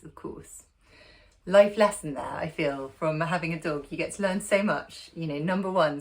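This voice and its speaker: A woman hosting a book club, talking casually to camera from home with many ums, restarts and chatty asides. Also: on the low side. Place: at home, sitting in a dog's bed.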